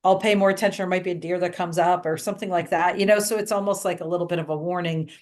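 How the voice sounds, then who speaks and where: A woman's voice: on the low side, steady tone, rapid-fire, darkish tone. A woman joining a live online group, speaking in a hesitant, filler-heavy way over a video call. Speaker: participant. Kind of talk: casual chat.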